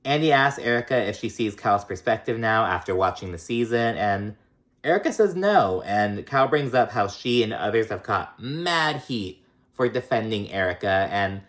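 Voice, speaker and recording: A man's voice: fairly low pitch, expressive, moderate pace, fairly bright tone. A man casually recapping a reality TV episode, chatty and profane, full of likes and ums, with sassy, exasperated asides.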